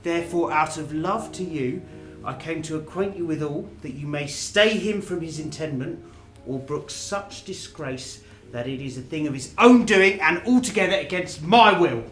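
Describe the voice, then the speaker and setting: Guy doing an earnest wrestler, bit high voice, echoey room, faint guitar behind. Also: lively intonation, normal speed, a bit bright. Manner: earnest, storytelling. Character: loyal wrestler bringing court news. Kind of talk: amateur stage acting.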